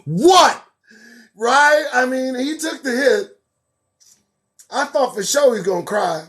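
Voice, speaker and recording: Animated, sarcastic male live-show host. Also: very high-pitched, a little slow. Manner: animated, sarcastic, swings between loud outbursts and mutters; laughs a lot between remarks. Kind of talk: live news commentary and riffing.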